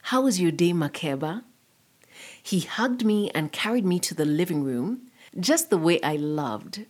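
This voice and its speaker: A woman narrating a story in a measured, expressive way. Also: medium pitch.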